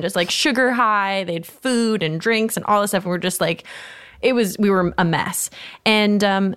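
A woman's voice: lowish voice, clean tone. A woman in her thirties tells a story in a casual chat, laughing often and speeding up as she goes. The sound is dry, with no room echo. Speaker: guest storyteller.

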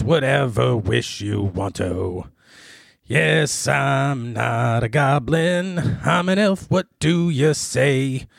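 Sex: male. Figure: a man singing as a sly goblin faking elfhood. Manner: slow, wheedling sung ditty, gravelly. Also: mid-range voice, no echo, studio quality, pitched above the performer's own voice.

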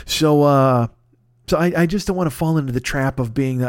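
A man's voice: medium pitch, brisk, no echo, clean studio sound. A man in his fifties hosting a casual solo podcast, rambling and swearing freely with self-mocking asides. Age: 50s. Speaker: podcast host.

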